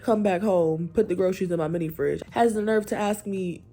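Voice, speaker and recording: A woman's voice: mid-range voice, fast talker, hardly any pauses, warm tone, soft background music. A woman ranting in a vlog, blunt and exasperated, swearing freely. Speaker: vlogger.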